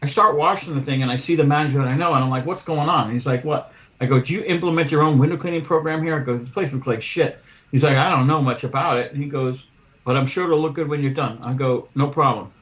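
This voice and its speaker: The audio is dull, and the man's voice sits on the high side at a quick pace. He's a window cleaner hosting a casual podcast, animatedly recounting in profane detail how he lost a cleaning client and performing both parts of the dialogue himself.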